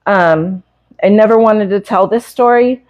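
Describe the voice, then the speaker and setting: A woman in her fifties from the United States, a cat breeder on a live stream, telling a hard personal story in a halting, earnest, emotional way. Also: mid-range voice, lo-fi sound. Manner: halting and earnest, with many hesitations. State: emotional, close to tears.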